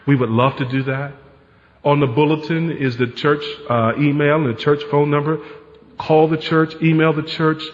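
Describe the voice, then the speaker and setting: Pastor, male, conversational sermon delivery, slightly high voice, long hall reverb, dull lo-fi sound. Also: flat delivery, moderate pace. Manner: conversational preaching, rhetorical asides.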